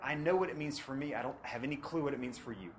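A man preaching a sermon to students, swinging from loud preaching to hushed asides and repeating phrases for emphasis. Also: medium pitch, quick pace, a little hiss or hum, rough recording.

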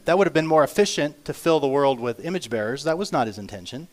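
A man preaching a sermon as pastor, earnest and emphatic, swinging between loud declarations and quiet asides, slowing down to read scripture aloud. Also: a little high, lively intonation. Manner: reads scripture aloud slowly.

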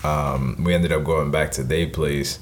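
A man with a very low voice chats on a casual podcast. He tells stories in a slow, rambling way and fills them with "like" as he goes. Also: steady tone. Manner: laid-back rambling storyteller, fills with "like". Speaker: podcast co-host. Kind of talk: casual chat.

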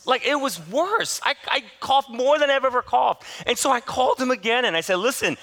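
A man preaching from the pulpit of a church, his voice pitched high and swinging widely as he tells a story on himself. He is candid and self-deprecating, and his tone stays bright and forward. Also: lively intonation, a little fast. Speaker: pastor. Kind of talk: sermon with personal storytelling.

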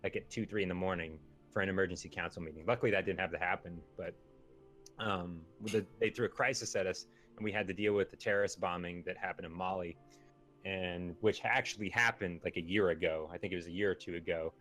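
Low-voiced young man rambling casually. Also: steady tone, a little fast, fairly bright tone, faint music behind. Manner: rambling, lots of "like" fillers. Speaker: guest. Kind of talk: casual chat.

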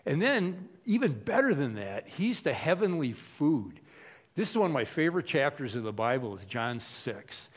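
Male pastor, casual storytelling sermon, middle pitch. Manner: conversational, animated, acts out quoted voices.

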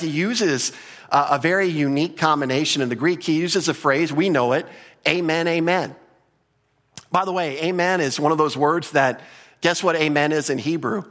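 A man's voice: fairly high pitch, a bit bright. A man preaching a sermon in an emphatic, conversational way, repeating key points and adding casual asides. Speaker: pastor.

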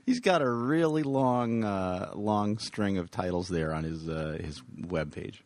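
A man's voice: lowish voice, unhurried, darkish tone. A man co-hosting a podcast, chatting casually with sardonic, teasing wit. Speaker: podcast co-host. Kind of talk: casual chat.

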